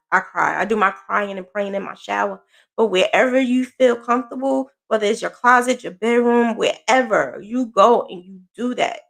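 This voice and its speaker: A woman's voice: mid-range voice, vocal fry. A woman mentor giving a casual, earnest motivational talk to her followers, encouraging them and repeating phrases for emphasis. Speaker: sewing business mentor.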